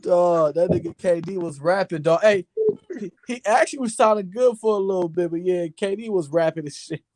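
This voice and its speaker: A man's voice: high voice, fairly quick, darkish tone, no echo. A man co-hosting a casual sports chat, chiming in and laughing along.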